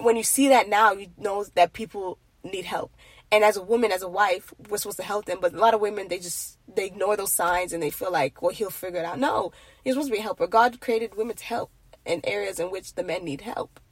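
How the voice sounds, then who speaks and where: A young Nigerian woman who vlogs about faith gives a casual, earnest, rambling monologue on faith and marriage. Her mid-range voice is husky and fairly quick, with no echo.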